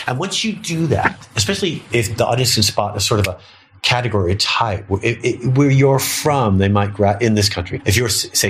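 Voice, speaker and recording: A man's voice: on the low side, a little hiss or hum. A man, a stand-up comedian talking bluntly and profanely as a podcast guest, slipping into mocking quoted voices. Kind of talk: casual podcast conversation.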